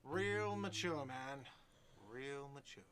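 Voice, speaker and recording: A man's voice: mid-range voice, slow pace, crowd noise, natural voice. An actor playing a sarcastic, dismissive male innkeeper in a detective game.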